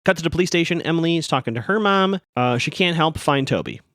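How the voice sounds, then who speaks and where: A man podcast host rambles through an episode recap, sarcastic and amused. His pitch jumps around a lot, and the sound is dry and close. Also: animated, fast, fairly bright tone, no echo.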